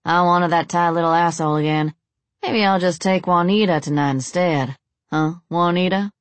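Lady reading as a sloppy drunk cowboy, low voice, slurring a bit, dry sound. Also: moderate pace, dry recording, lightly acted. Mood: leering. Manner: slightly slurred, boorish drawl. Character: drunken crude male cowboy gunman.

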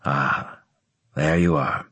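A man voicing a calm, weary male commander who speaks in a quiet, restrained way. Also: extremely low pitch, takes it slowly, husky, no room sound, voice pushed down, heavily acted.

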